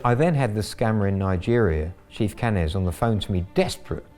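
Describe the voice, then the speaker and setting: A middle-aged man recounts how he strung a con artist along, wry and gleeful. His voice sits on the low side. Faint music plays underneath. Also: animated, a little fast, a little mellow. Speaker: scambaiter. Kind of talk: storytelling interview.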